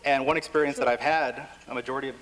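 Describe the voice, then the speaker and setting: A man's voice: medium pitch, steady tone, rapid-fire, fairly bright tone, poor audio. Wry man panelist, faint background hiss. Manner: wry, conversational, self-deprecating humor. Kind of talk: panel discussion. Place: lecture hall forum.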